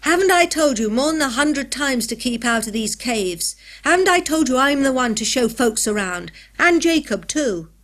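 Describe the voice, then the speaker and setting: A woman's voice: sits high, expressive, moderate pace, few pauses, pitched above the performer's own voice. A woman voicing a big, surly man roaring in fury. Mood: furious. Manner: roaring and shouting.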